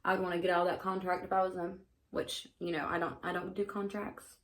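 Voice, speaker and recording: A woman's voice: on the low side, little pitch movement, fast talker. A woman beauty vlogger chatting casually and candidly through her makeup routine, with lots of fillers. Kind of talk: casual get-ready-with-me chat.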